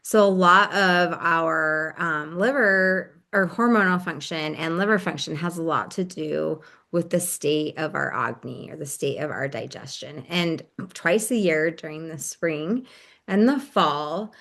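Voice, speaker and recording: Low-pitched woman, calm wellness teacher, casual and gentle delivery. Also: a little slow, vocal fry. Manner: calm, gentle, with many fillers. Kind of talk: casual instructional talk.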